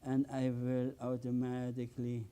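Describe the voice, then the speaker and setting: A man's voice: mid-range voice, completely flat delivery, moderate pace, mellow, clear, resonant tone. An older man demonstrating oil painting with a palette knife, talking with bursts of enthusiasm, repeating words and exclaiming over the results. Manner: enthusiastic, exclaims often, repeats words, non-native phrasing. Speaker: painting instructor.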